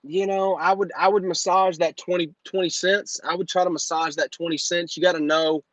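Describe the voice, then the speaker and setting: A man's voice: high-pitched, little pitch movement, moderate pace, no room sound. A man in his thirties hosting a live Q&A as a business coach, talking in a brash, joking, motivational way into a phone. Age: 30s. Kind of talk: live Q&A stream.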